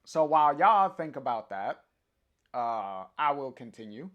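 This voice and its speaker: A livestreamer reads a comic aloud at an unhurried, drawn-out pace. The talk is hesitant and full of filler sounds. It breaks off for chatty asides to the viewers. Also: medium pitch, very animated, lo-fi sound. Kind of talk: reading a comic aloud on stream.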